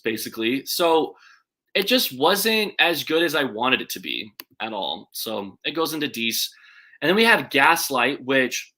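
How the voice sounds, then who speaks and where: Bright-voiced man chatting about movies. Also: mid-range voice. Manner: chatty, hesitant with frequent ums and restarts; excitable, words run together when excited. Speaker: movie channel host. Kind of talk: casual live-stream commentary.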